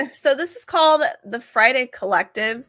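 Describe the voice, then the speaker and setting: Young woman, higher voice, bright tone, chatty product review, slightly hoarse. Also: a little slow. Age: young adult. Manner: chatty, enthusiastic, says "like" and "um" a lot. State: losing her voice. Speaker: book and candle reviewer. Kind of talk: casual show-and-tell review.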